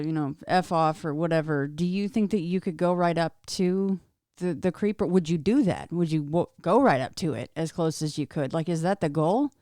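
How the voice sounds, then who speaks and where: A woman's voice: deep voice, warm tone, clear, resonant tone, no echo, clean studio sound. A woman hosting a podcast, chatty and asking long, rambling questions. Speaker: podcast host. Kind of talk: casual chat.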